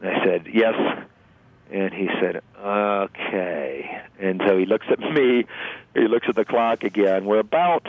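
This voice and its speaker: Earnest, halting male storyteller, fairly low voice, dry tinny phone sound. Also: dry recording. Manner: halting, earnest, emotional retelling. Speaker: interview guest. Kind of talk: personal storytelling. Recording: phone-like narrow line, dry.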